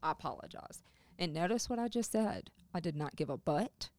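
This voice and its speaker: Calm counselor man, dry sound. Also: high voice, moderate pace, no room sound. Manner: calm, laughs often, acts out parent phrases. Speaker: parenting counselor. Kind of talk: podcast conversation.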